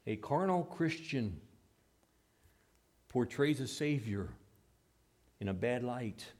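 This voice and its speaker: A man preaching a sermon, moving between hushed, slow passages and raised, emphatic ones. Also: mid-range voice, lively intonation. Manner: dramatic shifts between hushed and raised delivery. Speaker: pastor.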